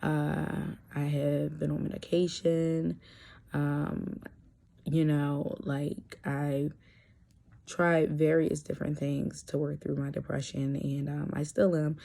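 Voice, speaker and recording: A woman's voice: low-pitched, flat delivery, slow pace, vocal fry, mellow. A young adult woman talking candidly in a personal vlog, hesitant, with many fillers and restarts. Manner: candid and earnest. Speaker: vlogger.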